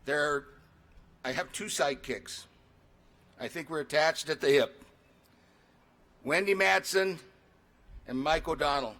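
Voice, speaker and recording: Bright-voiced middle-aged man giving a speech. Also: on the high side. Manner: measured, with pauses and fillers. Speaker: state legislator giving ceremony remarks. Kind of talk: formal ceremonial speech.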